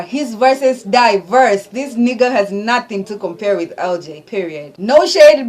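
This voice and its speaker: A woman hosting a reaction video who breaks down rap lyrics line by line in casual, profane, emphatic chat. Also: medium pitch.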